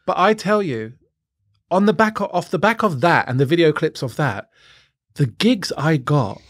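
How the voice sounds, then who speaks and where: A man's voice: a little high, lively intonation, moderate pace. A young adult man with an Irish accent, chatting as a comedian guest in a camp, cheeky, giggly way. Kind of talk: casual interview chat.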